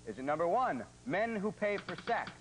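A man hosting a game show, cracking jokes and teasing the contestants in quick comic patter. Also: high voice, big pitch swings, slight background noise, poor audio. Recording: loud show music underneath.

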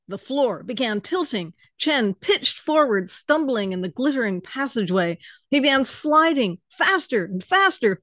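A woman author reading her story aloud with animated narration. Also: mid-range voice, normal speed, dry recording.

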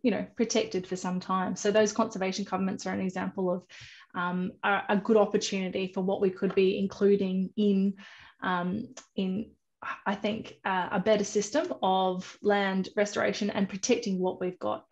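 Female panelist, flat and creaky delivery, hesitant, lo-fi call sound. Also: medium pitch, normal speed. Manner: hesitant, many fillers. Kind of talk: panel discussion answers.

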